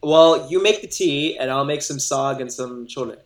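A man who works as a voice actor, chatting casually as a podcast guest in a relaxed, halting way. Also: mid-range voice, reverberant. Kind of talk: casual chat.

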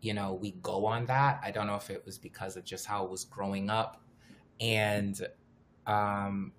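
A man with a low voice co-hosts a casual podcast. He talks loosely and animatedly, cracking jokes and laughing with his co-host. A faint hum of room ambience sits behind him. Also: level tone, moderate pace, a bit bright. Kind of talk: casual chat.

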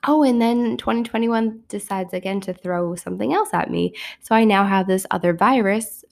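A young adult woman hosting a casual solo podcast, hoarse and raspy from a cold, chatty and joking at her own expense. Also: mid-range voice, normal speed. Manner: chatty, self-mocking, upbeat. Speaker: podcast host.

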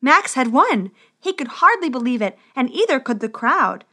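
A woman narrating a storybook adventure in a steady, expressive way. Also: high voice, normal speed.

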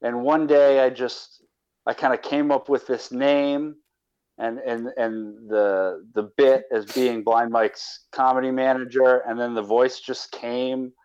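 A man's voice: medium pitch, fairly even intonation, slow pace, darkish tone, smooth, dull audio. A man guest on a casual podcast, rambling and restarting his sentences. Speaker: caller and guest.

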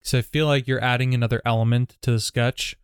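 A man co-writing a comedy sketch in casual chat, animated and acting out lines as he goes. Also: medium pitch, fast, smooth, no echo, clean studio sound. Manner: animated, acts out lines, laughs often. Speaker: sketch co-writer. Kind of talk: casual script workshop chat.

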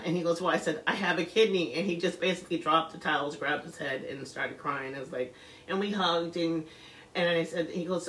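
A woman's voice: brisk, fairly bright tone, reverberant, poor audio. A middle-aged woman telling a personal story in a casual interview, chatty and acting out the voices of the people she quotes. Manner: chatty, acts out quoted voices with rising pitch and laughter. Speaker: guest sharing a personal story.

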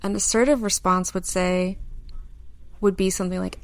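A woman co-hosting a podcast in casual chat, calmly explaining points and reading from notes. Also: on the low side, normal speed, vocal fry, no echo. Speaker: podcast co-host.

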